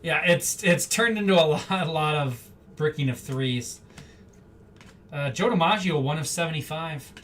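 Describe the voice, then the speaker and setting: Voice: medium pitch, unhurried, fairly bright tone. Card-break host, casual rambling live chatter, slightly distant mic, faint background hum. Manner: rambling, off-the-cuff, chatty asides. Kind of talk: casual live-stream chatter while opening packs.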